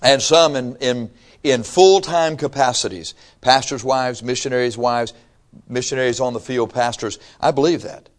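A man from Michigan delivering a church sermon. He preaches in a folksy, animated way, mixing joking asides with earnest teaching. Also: medium pitch, normal speed. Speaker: pastor.

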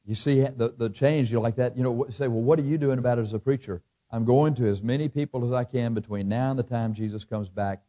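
A man of middle pitch preaching a sermon. He reads scripture with measured emphasis and breaks into folksy, chuckling asides. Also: dark tone. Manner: folksy, reads scripture in King James cadence, chuckles at own jokes.

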